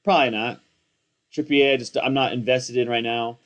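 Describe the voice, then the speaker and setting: A young man in casual commentary, excitable and rambling, slangy and self-mocking, hyped up on coffee. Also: medium pitch, moderate pace. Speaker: fantasy football content creator.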